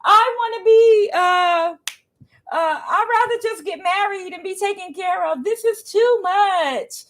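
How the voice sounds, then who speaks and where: A woman voicing a whiny young adult who complains that life is too hard, in a high, drawn-out mock crying tone. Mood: whining.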